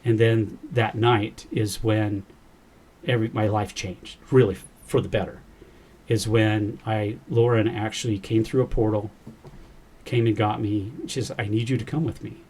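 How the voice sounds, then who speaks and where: A man's voice: fairly low pitch, fairly even intonation, moderate pace, a little mellow, a little hiss or hum. A man, a podcast guest, earnestly recounting a personal experience and quoting the dialogue as he goes. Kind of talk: personal storytelling in a podcast interview.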